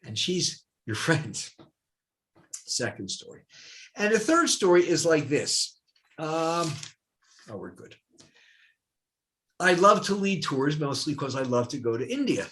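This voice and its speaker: Animated older man telling stories. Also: fairly high pitch, a little slow, long pauses. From United States. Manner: animated, acts out quoted voices. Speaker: retired professor. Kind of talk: storytelling in a dialogue.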